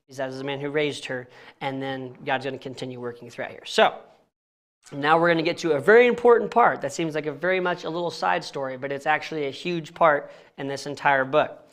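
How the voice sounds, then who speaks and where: A man's voice: on the high side, a little fast, a bit bright. Young man reading scripture, tripping over names. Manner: stumbles over names, laughs at himself. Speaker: Bible study teacher. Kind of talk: casual Bible reading and teaching. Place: church.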